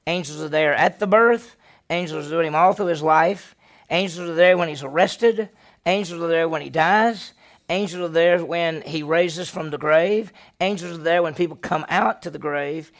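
A man with a gravelly, slightly high voice teaches a Bible lesson as senior pastor. He tells the story with animation and keeps asking his listeners questions. His delivery is lively and conversational. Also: normal speed.

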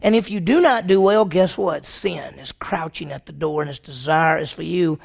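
A man preaching a sermon, asking the congregation rhetorical questions, with his pitch jumping high on points he stresses. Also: normal speed, creaky. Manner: pitch jumps high when emphatic.

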